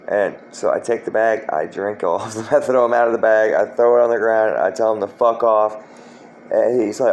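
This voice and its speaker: A man's voice: lowish voice, steady tone, normal speed, pauses often, a little mellow, slight background noise, poor audio. A man from Florida telling a story from his past in a rambling, profane way, full of fillers and restarts. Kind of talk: casual spoken storytelling.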